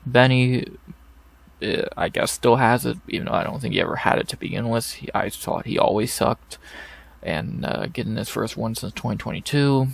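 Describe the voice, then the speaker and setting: A man's voice: medium pitch, moderate pace, gravelly, dry recording. A man hosting a casual fight recap, blunt and profane, ranting in exasperation into a desk microphone. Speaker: MMA podcast host.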